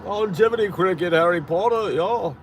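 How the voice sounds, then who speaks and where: A man's voice: high voice, normal speed, slight background noise, pitched above the performer's own voice. A man voicing an exaggerated, cheery mock British bloke in a sing-song, overdone way. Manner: sing-song, greets everything with "hello, mate".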